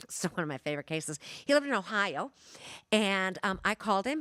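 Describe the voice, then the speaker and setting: A woman's voice: mid-range voice, fairly bright tone, dry recording, clean studio sound. A woman from Michigan with a Midwestern accent, giving a chatty, storytelling lecture as a genealogist. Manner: chatty, storytelling, with many fillers. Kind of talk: conversational lecture.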